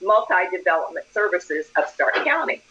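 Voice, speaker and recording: A woman's voice: lowish voice, moderate pace, muffled recording, noisy background. An older woman, a community leader, telling stories in an interview and acting out the dialogue. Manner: animated storyteller, acts out quoted dialogue. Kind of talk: storytelling interview.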